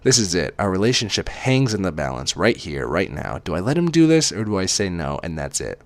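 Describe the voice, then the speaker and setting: A man's voice: low voice, sing-song, a little fast, no echo. A man reading a romance story aloud as dramatic first-person narration. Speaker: reader.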